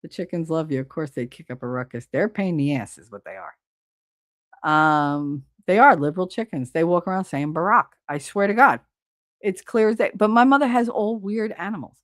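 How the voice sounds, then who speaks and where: Hosting a live stream, a middle-aged woman speaks a little fast in a fairly low voice, casual and blunt, swearing freely as she reads out viewers' comments. The studio-quality recording has no room sound.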